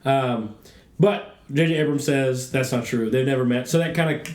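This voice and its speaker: A man's voice: mid-range voice, normal speed. Coughing man, roomy podcast chat. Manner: hesitant, many restarts and fillers. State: coughing, dry throat. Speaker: podcast co-host. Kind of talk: casual chat.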